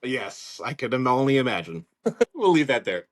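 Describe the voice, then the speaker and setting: A man hosting a casual interview, relaxed and laughing along as he asks questions. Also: medium pitch, moderate pace. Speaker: podcast host.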